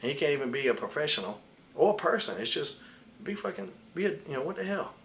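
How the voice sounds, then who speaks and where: Guesting on an interview, this forties-aged wrestler speaks fast in a fairly high, sing-song voice that is creaky and a bit bright. His candid stories come out blunt and heated, peppered with profanity and quotes delivered in mock voices.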